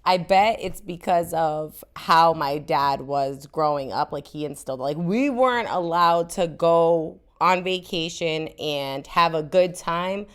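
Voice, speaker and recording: A woman's voice: deep voice, unhurried, hardly any pauses. A woman in her thirties co-hosting a casual chat podcast, talking candidly, swearing freely and acting out her stories with lots of animation. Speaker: podcast co-host.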